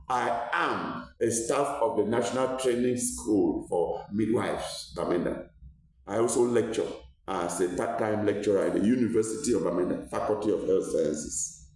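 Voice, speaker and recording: A man's voice: on the low side, normal speed, darkish tone, far from the mic. Earnest man in an echoey room. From Cameroon. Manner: earnest, repeats words when searching, rises when stressing a point. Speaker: doctor and health educator. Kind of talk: health talk to viewers.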